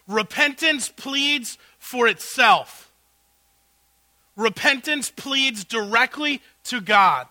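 Animated, bright-voiced male preacher. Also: very high-pitched, slow pace, no room sound. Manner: animated preaching, loud bursts and hushed asides. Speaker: pastor. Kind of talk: sermon.

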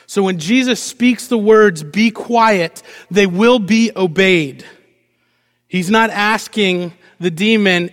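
A man delivers a sermon from the pulpit, his voice sitting high for a man. He preaches with lively energy, firing rhetorical questions at the congregation and playfully acting out short lines. The sound carries a long reverb from a large sanctuary. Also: measured pace. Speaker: pastor.

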